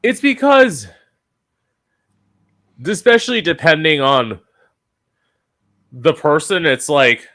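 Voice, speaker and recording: A podcast host from the United States speaks slowly with a fairly high pitch, leaving long pauses. In relaxed conversation he tells frank stories vividly, acting out what people said.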